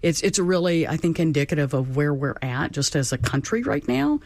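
A guest on a talk show speaking haltingly, repeating words and using many fillers. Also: medium pitch, expressive, gravelly, dry recording.

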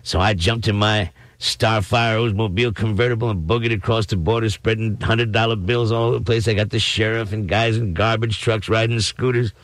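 A former radio DJ telling an anecdote in an interview, in an animated, boastful way. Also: male voice, fairly low pitch, fairly quick, few pauses, no room sound.

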